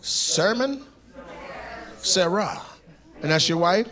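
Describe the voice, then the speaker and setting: Brash, lively stand-up comedian roasting the crowd. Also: male voice, high-pitched, takes it slowly. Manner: brash, profane teasing of audience members. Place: comedy club stage. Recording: noisy live club recording.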